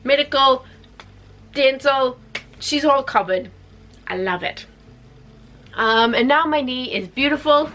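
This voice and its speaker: A woman's voice: high-pitched, slow, pauses often. Chatty New woman vlogging. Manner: chatty, animated, acts out quotes. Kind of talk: casual storytelling to camera.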